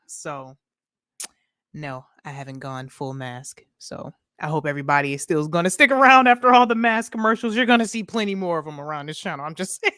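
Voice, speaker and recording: A woman's voice: sits low, brisk, bright, forceful tone, dry recording, studio quality. A woman from the United States hosting a casual live stream, chatting with viewers, greeting them by name and laughing often in an upbeat, slangy way.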